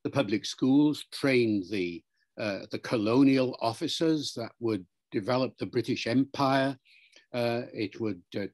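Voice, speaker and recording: A man explains things in an unhurried, lecturing manner, like a patient expert taking a question. His voice sits at an ordinary pitch for a man, neither high nor low. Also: a little mellow. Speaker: interviewed language expert. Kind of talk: explanatory interview answer.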